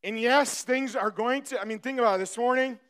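A man preaching a sermon as pastor, talking conversationally with humor and building to emphatic, animated preaching. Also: very high-pitched, brisk. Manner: conversational with self-deprecating humor.

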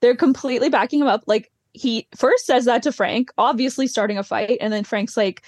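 A woman's voice: on the high side, a little fast, few pauses, a little mellow, no echo. A woman co-hosting a podcast, recapping a show in casual chat and laughing often. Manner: chatty, laughs often, acts out quotes. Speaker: podcast co-host.

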